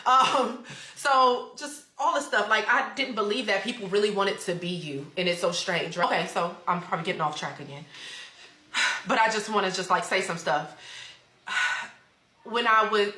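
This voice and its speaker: A woman's voice: medium pitch, moderate pace, bright, forceful tone, reverberant. A young woman telling a rambling personal story in a casual storytime chat at home, full of fillers. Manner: rambling, chatty, with many fillers. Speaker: vlogger.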